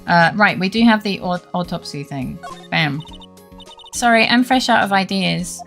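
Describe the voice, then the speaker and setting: Brief: woman streamer, casual rambling chat, vocal fry, faint game music under her. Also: fairly low pitch, expressive, normal speed, fairly bright tone. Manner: rambling, self-deprecating, mumbling asides. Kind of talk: casual gaming livestream chat.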